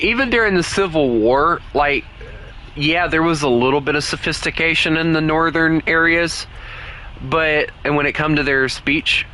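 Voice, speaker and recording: Bright-voiced Southern US gamer man. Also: on the high side, a little hiss or hum. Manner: rambling, full of "like" and restarts. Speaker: gaming streamer. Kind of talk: casual gameplay commentary.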